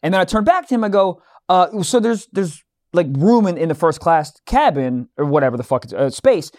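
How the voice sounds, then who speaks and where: High-voiced young man telling a rowdy story. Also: a little fast. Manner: animated, acts out both sides of an argument, swears freely. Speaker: podcast co-host. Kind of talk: casual storytelling chat.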